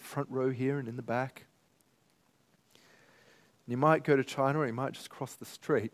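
A man's voice: mid-range voice, fairly even intonation, moderate pace. A man preaching from the pulpit in a mid-range voice. He speaks earnestly, with heartfelt emotion, and builds to emphatic peaks. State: tearful at times. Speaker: pastor. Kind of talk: sermon.

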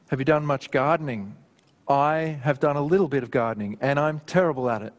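A man preaching a sermon in a conversational, animated way, with personal stories. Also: medium pitch, brisk. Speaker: pastor. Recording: long hall reverb.

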